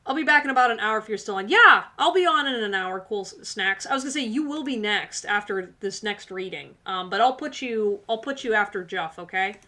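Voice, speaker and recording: A woman's voice: medium pitch, animated, a little fast, few pauses, bright, forceful tone. A woman hosting a tarot livestream, talking casually and sassily to her viewers and laughing often. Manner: sassy, laughs often, talks straight to viewers. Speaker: tarot reader and livestream host.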